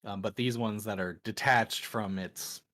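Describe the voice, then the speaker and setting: Slow, halting young man running the game. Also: on the low side. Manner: relaxed, halting, full of fillers. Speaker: dungeon master. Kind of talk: narrating a live-streamed tabletop game.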